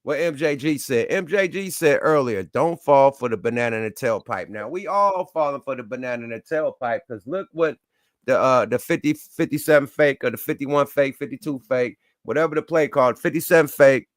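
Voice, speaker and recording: A man co-hosting a casual podcast discussion, telling things in an animated, loose, profane way. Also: mid-range voice, fairly quick, dry recording, studio quality. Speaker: co-host.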